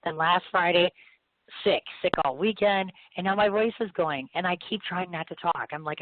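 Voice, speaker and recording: A woman in her thirties hosting a radio talk show, her voice hoarse from illness, chatty, gushing and self-mocking. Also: lowish voice, moderate pace, no room sound. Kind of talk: casual chat. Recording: thin phone-line sound.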